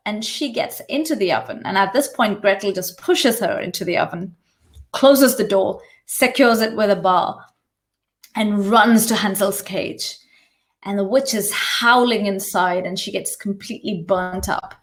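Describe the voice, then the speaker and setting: A woman hosting an online session, retelling a fairy tale in a relaxed, conversational way and often checking in with "you know" and "right?". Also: mid-range voice, unhurried. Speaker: workshop host.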